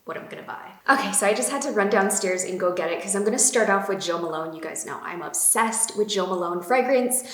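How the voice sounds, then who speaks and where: A young beauty vlogger gushes about beauty products in casual, chatty product talk, bubbly and full of fillers. Her mid-range, slightly bright voice moves briskly with few pauses, recorded in an echoey room at home.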